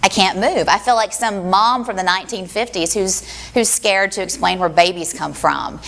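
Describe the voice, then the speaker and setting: A woman's voice: mid-range voice, moderate pace, creaky, a bit bright. A woman telling a personal story on stage in a live storytelling style, acting out the voices she quotes. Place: small stage venue.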